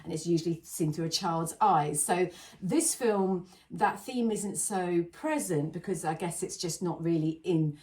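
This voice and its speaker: Thoughtful low-voiced woman co-host. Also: a little slow, darkish tone. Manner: thoughtful, hedging, searching for words. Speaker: podcast co-host. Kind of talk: casual film discussion.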